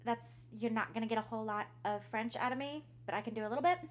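A woman, her voice sitting a little high, relaxed and chatty as she tells a creepy tale on her podcast. She drops in a swear word here and there and slips into the characters' voices for their lines. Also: fast. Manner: laughs often, swears casually, acts out quotes. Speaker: podcast co-host. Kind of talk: casual storytelling chat.

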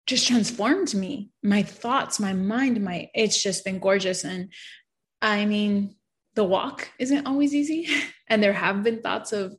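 In a mid-range voice, a woman in her thirties gives an emotional testimony about her faith. She speaks earnestly and from the heart, with plenty of fillers.

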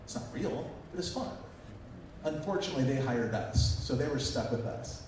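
A man's voice: mid-range voice, lively intonation, moderate pace, a little mellow, a little hiss or hum. A man speaking at a conference, telling stories animatedly and acting out quoted voices. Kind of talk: storytelling talk to an audience. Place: conference hall. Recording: echoey hall recording from far off.

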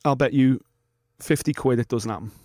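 A man's voice: mid-range voice, moderate pace, darkish tone, no echo, studio quality. A man hosting a podcast in casual chat, emphatic, opinionated and swearing. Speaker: podcast host.

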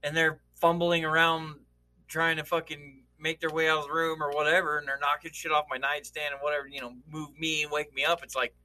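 High, bright-voiced man telling stories. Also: little pitch movement, brisk. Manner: profane, laughing storytelling; acts out quoted voices. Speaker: storyteller in casual chat. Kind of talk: casual chat.

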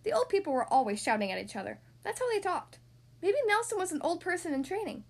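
Woman, storybook narration, high-pitched, expressive, clear. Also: fast. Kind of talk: storybook read-aloud.

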